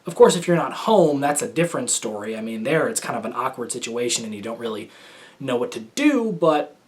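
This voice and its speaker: A young American man hosts his own talk show and tells stories in a loose, rambling way. He hesitates and restarts his sentences often, his pitch sits in the middle range, and his tone stays casual. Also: big pitch swings, fairly quick. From United States. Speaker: host. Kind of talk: casual solo storytelling.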